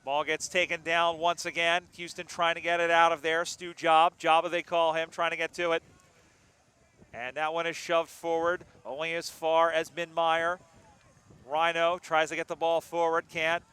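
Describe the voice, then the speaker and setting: A man calling an amateur football game live, joking between plays and getting excited on big moments. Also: a little high, normal speed, clear, resonant tone. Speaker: play-by-play commentator. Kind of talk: live sports commentary.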